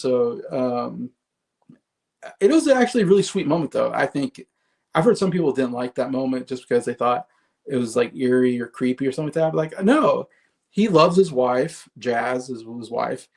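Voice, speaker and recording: Male commentator, gravelly, easygoing chatter full of fillers and laughter. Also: medium pitch, lively intonation, normal speed. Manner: chatty, laughs often, frequent fillers and restarts. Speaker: movie commentator. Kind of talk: casual solo commentary.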